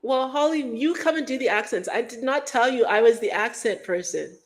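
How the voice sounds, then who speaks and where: A woman's voice: a little high, lively intonation, fairly quick. Chatty rambling woman from Guyana. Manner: rambling, playful, breaks into sung beats and mock accents. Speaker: livestream host. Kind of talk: casual chat.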